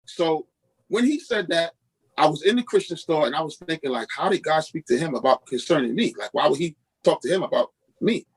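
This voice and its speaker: His voice is on the high side, husky and a little fast as this middle-aged pastor from Queens, New York, tells his personal testimony on a podcast. He brings the story alive by acting out each person's quoted lines. The audio is poor.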